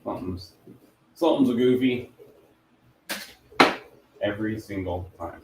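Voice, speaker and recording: A man's voice: medium pitch, measured pace, long pauses, background noise. A man hosting a casual hands-on product demo, joking and muttering to himself as he works. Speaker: host. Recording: roomy echo.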